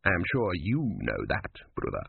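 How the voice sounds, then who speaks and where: A man voicing a soft-spoken, menacing male deacon who talks pleasantly and without hurry, recorded with a dry, phone-like sound. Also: low voice, wildly swooping pitch, vocal fry, slightly rough, no room sound, pitched below the performer's own voice, heavily acted. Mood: calm. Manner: pleasant, unhurried, quietly commanding.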